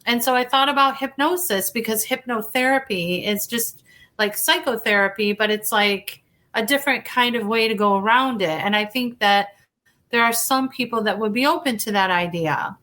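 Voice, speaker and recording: A woman's voice: on the high side, moderate pace, bright, forceful tone. A woman hypnotherapist telling her story in a casual interview, chatty, often restarting sentences and acting out the dialogue she quotes.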